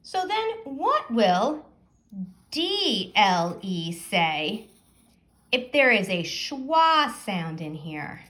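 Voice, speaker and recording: A woman teacher giving a phonics lesson, sounding out words slowly and asking young pupils questions. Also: mid-range voice, very animated, fairly bright tone.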